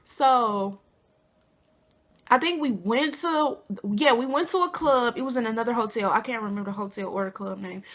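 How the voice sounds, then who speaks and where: A young woman vlogger telling a story in casual, animated chat with lots of fillers. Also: a little high, moderate pace. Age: young adult. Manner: chatty, animated, many fillers.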